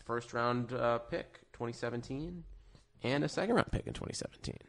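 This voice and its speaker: A man's voice: mid-range voice, normal speed. A man co-hosting a podcast in casual sports chat, rambling through lists of players and draft picks. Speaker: podcast co-host.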